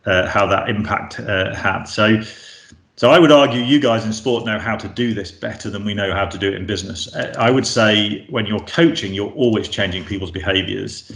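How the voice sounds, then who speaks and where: A man's voice: fairly low pitch, normal speed, gravelly, fairly bright tone. A man presenting a coaching webinar in a conversational way, full of fillers and restarts, heard over a video call. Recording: roomy echo.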